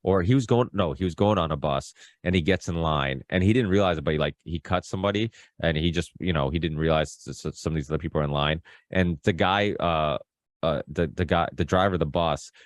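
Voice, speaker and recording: With a deep voice and a brisk pace, a male podcast host chats casually and ramblingly, with no echo in the recording. He keeps restarting, leans on fillers, and swears freely.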